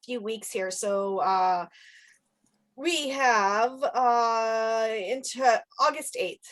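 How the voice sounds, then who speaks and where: A woman's voice: a little high, very slow. A woman co-hosting a travel podcast, chatting casually and reading out a list of dates with easy laughs. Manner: reads out a list of dates, laughs at her own slips. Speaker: podcast co-host. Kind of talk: casual chat.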